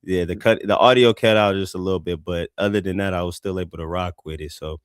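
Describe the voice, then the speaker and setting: A man from California with a low voice gives his take on a track in a relaxed, slang-filled way. He often stops and restarts mid-thought. The sound is dry and close. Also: smooth, dry recording. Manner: laid-back, slangy, halting restarts. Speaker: music review show host. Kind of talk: casual live reaction chat.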